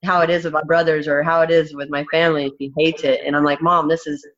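A woman's voice: sits low, little pitch movement, quick pace, muffled recording. A woman fighter speaking bluntly and frankly in a candid interview, swearing freely.

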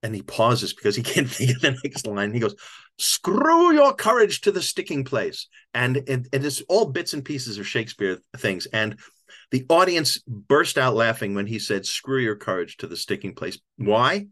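A man's voice: mid-range voice, normal speed, sharp tone. An older man, an author, telling a heartfelt story in an interview, repeating and restarting as he gets choked up. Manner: reflective, emotional storyteller with frequent restarts. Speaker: author and podcast guest.

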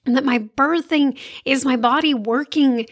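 Bubbly high-voiced woman giving motivational talk. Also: a little slow. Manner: bubbly, enthusiastic, playful slang. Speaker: podcast host and confidence coach.

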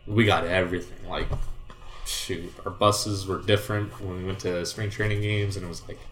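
A man who used to play baseball tells a rambling story in a relaxed, casual way, with lots of fillers and swearing. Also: low-pitched, normal speed. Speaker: guest, former baseball player. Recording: roomy echo, faint music.

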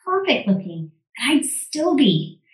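A woman guest with a high, very animated voice shares her views in casual chat, acting out her own thoughts along the way. She sounds set back from the microphone in a roomy, echoing space. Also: a little slow. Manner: lively and upbeat, quotes her own inner talk. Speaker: podcast guest, mom and business founder. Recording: echoey room, distant from the mic.

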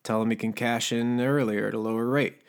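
A scarred, disgraced cook with a gravelly, creaky voice, as a male narrator puts him on. He talks in a sly, needling way, coaxing and pressuring. The pitch sits mid-range, like an ordinary man's. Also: fairly even intonation, fairly quick, close to an everyday voice. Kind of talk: audiobook character voice.

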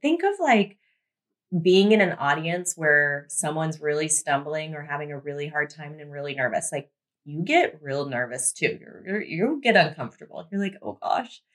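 A woman's voice: sits low, expressive, moderate pace. A young adult woman in a casual advice vlog, chatty, repeating words for emphasis with a few fillers. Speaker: YouTuber giving advice.

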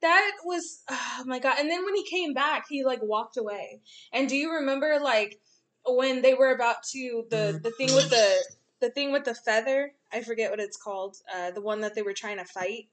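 A young woman in casual chat, animated and profane, often laughing as she talks. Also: high voice, moderate pace.

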